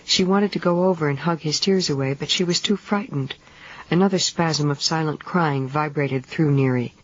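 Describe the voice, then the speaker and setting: A narrator reads a novel in a steady, measured way at a middling pitch. The recording is dull and lo-fi, like an old 1970s audiobook tape.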